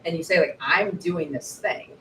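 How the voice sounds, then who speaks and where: Animated woman telling stories, roomy bookshop. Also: lowish voice, normal speed. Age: 40s. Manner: lively, animated storyteller acting out quotes. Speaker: author guest. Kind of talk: storytelling at a live book event. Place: bookshop event space. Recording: roomy echo, distant mic, faint noise.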